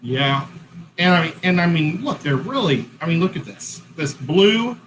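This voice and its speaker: Co-hosting a casual livestream, a man chats as he sets up and explains his painting, often correcting himself. His fairly high, fairly bright voice has lively intonation and a moderate pace, recorded on a headset-style hat cam mic with poor audio and a little hiss or hum.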